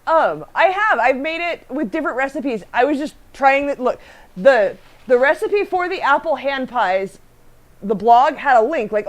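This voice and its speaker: Bubbly high-voiced woman hosting a baking stream. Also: lively intonation, normal speed. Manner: chatty, reads viewer comments aloud, laughs often. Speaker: baking show host. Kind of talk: casual livestream chat while baking.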